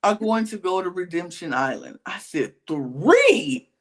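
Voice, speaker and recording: A podcast co-host recapping a reality show in casual chat, acting out the other people's lines, sometimes in whispers, with drawn-out colloquial exclamations. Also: mid-range voice, big pitch swings.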